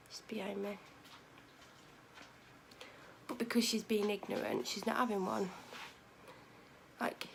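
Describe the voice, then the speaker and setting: Tired, gravelly-voiced woman vlogging. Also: mid-range voice, slight background noise. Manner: meandering, self-correcting, drops to near-whispers at times. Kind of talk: casual rambling vlog chat.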